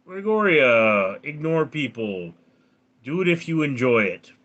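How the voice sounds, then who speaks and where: A man's voice: fairly high pitch, animated, a little slow, fairly bright tone, highs cut off. A man with a round, resonant voice, chatting casually on a live stream as he reads viewer comments aloud and answers them.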